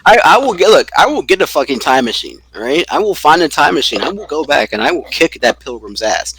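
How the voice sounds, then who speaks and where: A man's voice: on the high side, big pitch swings, fairly quick, fairly bright tone, breathy edge, no room sound, low-quality recording. A man co-hosting a podcast, chatting casually and ranting with profanity and emphasis. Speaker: podcast co-host. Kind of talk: casual chat.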